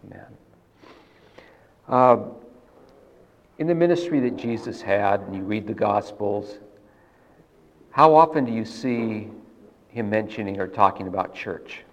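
A man preaching a sermon in an earnest, measured teaching manner, stressing key words with repetition. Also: lowish voice, expressive.

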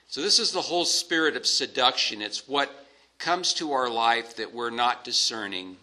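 A man preaching a sermon, teaching scripture in a measured, emphatic way with pauses. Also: medium pitch, pushed and bright, rough recording.

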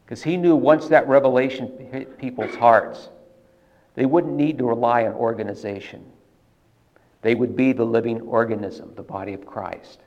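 A man preaching a sermon in an earnest, measured teaching manner, stressing key words with repetition. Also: mid-range voice, steady tone, a little mellow, lo-fi sound.

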